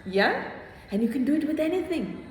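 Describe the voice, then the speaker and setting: Woman yoga teacher, animated, keeps asking hmm?, big echoey hall, faint room noise. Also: high voice, moderate pace. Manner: animated, checks in with "hmm?", acts out inner voices. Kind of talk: teaching a small class.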